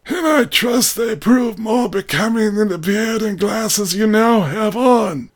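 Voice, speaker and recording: A man's voice: sits high, slow pace, voice pushed up, exaggerated voice. A man voicing a mocking, unhinged young man who harbors an old sorcerer, in an audiobook reading. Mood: sneering. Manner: sneering, ironic bravado turning to frantic shouting.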